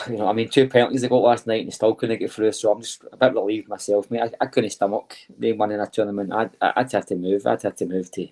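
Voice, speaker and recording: A man's voice: on the low side, steady tone, fast, few pauses, a little mellow. A Scottish man co-hosting a casual football podcast, blunt and grumbling, swearing casually. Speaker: podcast co-host.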